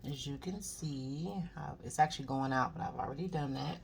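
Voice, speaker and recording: Low-voiced woman chatting through a tarot reading. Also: creaky. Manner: chatty, drawn-out, trails off to soft murmurs. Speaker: tarot reader. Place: home reading space. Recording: loud background noise.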